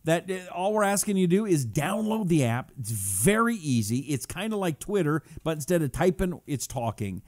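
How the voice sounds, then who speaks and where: A man's voice: a little high, moderate pace, hardly any pauses, no room sound, studio quality. Playful, chatty radio host man. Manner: playful, joking, animated. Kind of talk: casual live show chat.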